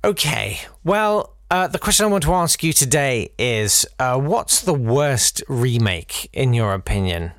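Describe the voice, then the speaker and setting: A man hosting a casual solo podcast, wry and rambling, with big swings in pitch. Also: big pitch swings, measured pace, hardly any pauses, a bit bright, no room sound, clean studio sound. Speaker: podcast host.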